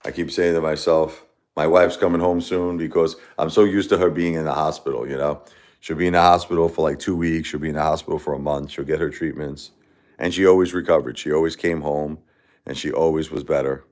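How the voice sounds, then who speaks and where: A grief-stricken man in his forties hosts a casual livestream and answers comments as they come in. His voice sits extremely low. His speech is halting and repetitive, full of restarts and fillers. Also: steady tone, a little mellow. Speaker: livestream host.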